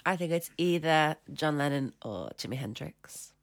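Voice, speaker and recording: A woman's voice: sits low, lively intonation, moderate pace. A woman on a casual podcast, giggling and musing aloud over quiz answers. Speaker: podcast co-host and quiz contestant. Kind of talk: casual chat.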